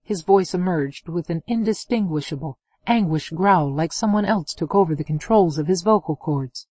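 A woman narrating an adult romance novel in a steady, expressive reading on a close mic. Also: fairly low pitch, normal speed, husky, dry recording. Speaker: audiobook narrator.

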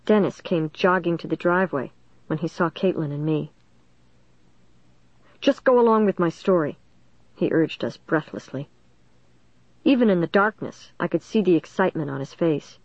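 A woman narrating a first-person suspense story in a steady, dramatic storytelling manner. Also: low-pitched, moderate pace, no room sound, dull audio. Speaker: audiobook narrator.

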